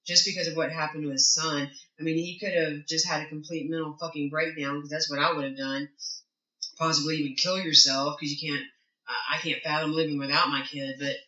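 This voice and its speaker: A woman's voice: deep voice, fairly bright tone, echoey room, muffled recording. Blunt sick-voiced woman podcaster. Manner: blunt, swears freely, emphatic opinions. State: losing her voice from being sick. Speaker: podcast co-host. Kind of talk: casual true crime podcast chat.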